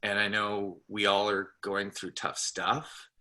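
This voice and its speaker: A man hosting a team video call, getting choked up and halting as he introduces his guest. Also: fairly low pitch, little pitch movement, sharp tone. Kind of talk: emotional casual introduction.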